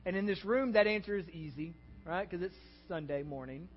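Earnest high-voiced Texan pastor preaching. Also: male voice, normal speed, long reverb tail, dull audio. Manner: earnest, builds in intensity, conversational asides. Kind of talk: sermon.

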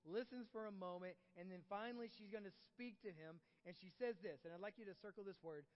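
A man's voice: high-pitched, fast talker. A man preaching a sermon to his congregation in a conversational way, often checking in with them. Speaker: pastor. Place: church sanctuary. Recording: reverberant hall, dull muffled audio, soft guitar.

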